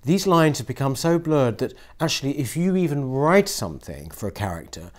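A man's voice: mid-range voice, big pitch swings, normal speed. Hesitant male interviewer. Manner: hesitant, repeats words, many agreeing murmurs. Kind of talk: conversational interview.

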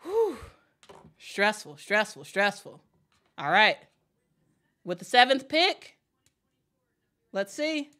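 A woman's voice: mid-range voice, slow pace, long pauses. A woman from Chicago reacts live on her own sports channel. She gushes and repeats herself, calling on her viewers to cheer along with her. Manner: energetic, repetitive, hypes up viewers. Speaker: sports YouTuber. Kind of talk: excited live reaction vlog.

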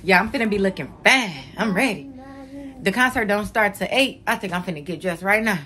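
A woman's voice: medium pitch, fairly quick, bright, forceful tone, slight background noise. Chatty woman vlogging to her viewers. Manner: chatty, talks straight to viewers with "y'all". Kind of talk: casual vlog chat.

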